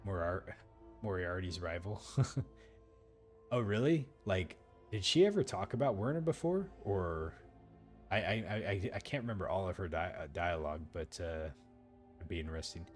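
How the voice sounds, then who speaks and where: A man's voice: low voice, animated, normal speed, faint music behind. A man hosting a let's play, giving loose, rambling commentary full of fillers as he plays.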